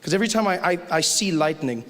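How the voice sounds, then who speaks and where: A man doing a stand-up comedy set, animated and joking, slipping into quick put-on voices. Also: on the high side. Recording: live hall recording with audience noise.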